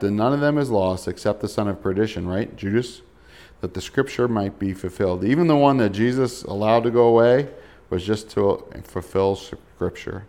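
A man's voice: medium pitch, creaky, a little mellow. A male pastor preaching a sermon in a conversational way, reading scripture and asking rhetorical questions with shifting emphasis.

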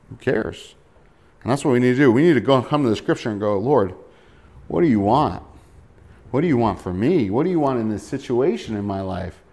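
A male pastor with a mid-range voice preaches a sermon conversationally, reading scripture and posing rhetorical questions with shifting emphasis.

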